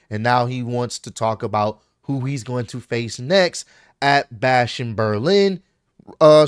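A man's voice: mid-range voice, clear, resonant tone, no echo, studio quality. A man hosting his own channel, casually recapping a wrestling show and animatedly acting out what the wrestlers said. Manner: animated, acts out wrestler quotes. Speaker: wrestling commentary youtuber.

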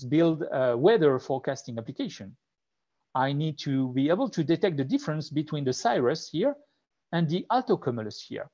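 A man's voice: a little high, a little mellow, lo-fi sound. Man with a thick French accent. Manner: hesitant, many fillers and restarts. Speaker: webinar presenter. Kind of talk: live tech webinar demo.

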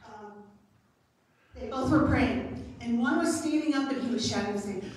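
A middle-aged woman pastor giving a children's sermon and then a sermon, playful and gentle with the kids, then measured. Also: a little high. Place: church sanctuary. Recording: very echoey church from far off.

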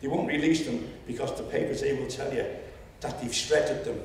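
A man's voice: medium pitch, moderate pace, slight background noise. Older Liverpool man speaking in a hall. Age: 70s. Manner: storytelling, rising to loud indignation. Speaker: public meeting speaker. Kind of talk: impassioned public speech. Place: lecture hall. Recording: echoey hall, distant mic.

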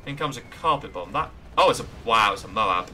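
A man with an English accent doing chatty, excitable live commentary on a strategy game match, greeting viewers along the way. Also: fairly low pitch, brisk, slight background noise.

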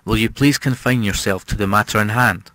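A man's voice: lowish voice, fairly quick, pushed and bright, dry recording. A man reading an audiobook, voicing an irritable, cold-blooded male moneylender who snaps indignantly. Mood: angry. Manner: snappish, indignant.

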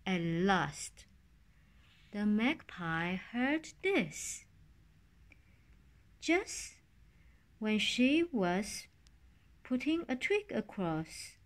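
Very slow woman reading a children's story. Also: mid-range voice. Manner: calm, unhurried storybook reading.

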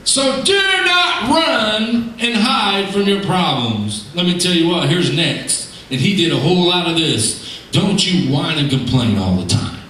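A preacher delivering an animated, emphatic sermon. His high voice swings from shouts down to low asides and booms around a very reverberant hall. He sounds somewhat distant from the mic, with faint noise beneath. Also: measured pace. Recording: echoey hall, heard from far off.

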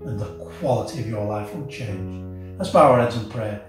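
A man preaching a sermon as senior pastor, earnest and impassioned, with soft guitar music behind him. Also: on the low side, moderate pace. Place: church auditorium. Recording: echoey church hall, mic at a distance.

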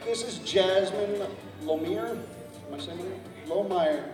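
A man's voice: high-pitched, a little slow. A man emceeing a cosplay contest live, joking and stumbling over contestants' names as he asks the crowd for help. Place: large convention hall. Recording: echoey hall, mic from far off, music and crowd behind. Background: music and a cheering crowd.

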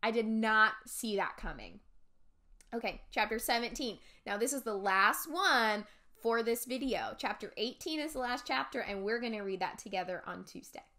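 A woman teacher reading a chapter book aloud for her class, expressive with dramatic whispers. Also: a little high, moderate pace. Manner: expressive, voices characters, frequent dramatic whispers.

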